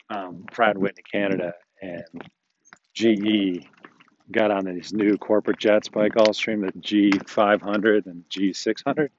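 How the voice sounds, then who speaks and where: A middle-aged man with a lowish voice talks in a loose, rambling, joking way as he walks outdoors for his podcast. The recording is dull and lo-fi, with a faint hiss beneath him. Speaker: podcast host. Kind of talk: casual walking podcast. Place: outdoors, walking a dog on a street.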